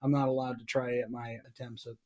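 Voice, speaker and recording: A man's voice: medium pitch, flat delivery, quick pace, a little mellow. A man hosting a podcast, chatty and self-deprecating as he asks his guest questions. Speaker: podcast host. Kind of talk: casual podcast interview.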